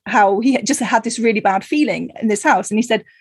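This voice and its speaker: A woman's voice: fairly high pitch, a little fast, breathy edge, no room sound. A woman host, chatting casually and telling anecdotes, laughing easily. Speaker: podcast host. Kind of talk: casual chat.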